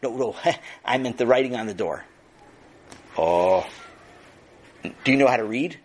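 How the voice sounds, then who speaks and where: An eager, cheeky young boy from a storybook tale, played by a man. He rushes his words and trips over them in excitement. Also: medium pitch, pitched below the performer's own voice, natural voice.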